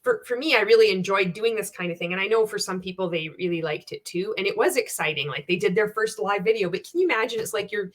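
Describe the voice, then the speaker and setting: A woman's voice: mid-range voice, fast, few pauses. A woman giving a sarcastic, profane reaction rant as a video commentator, blunt and scornful.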